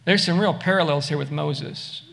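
A male pastor delivers a sermon in a high, clear, bright voice. He keeps it conversational and often turns to ask the listeners questions. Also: normal speed. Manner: conversational preaching, asks the listeners direct questions.

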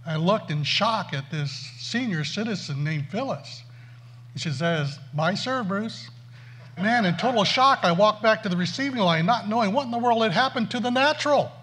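A man tells a funny story from the pulpit and pokes fun at himself. He keeps it animated, and his voice sits a little high and swings widely. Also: normal speed. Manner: animated, self-mocking storyteller. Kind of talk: storytelling sermon.

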